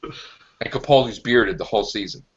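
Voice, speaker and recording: A man's voice: lowish voice, slightly rough. Rambling man on a lo-fi recording. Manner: rambling, animated storytelling with quick acted-out quotes. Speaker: podcast co-host. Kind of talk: casual chat. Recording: dull lo-fi sound.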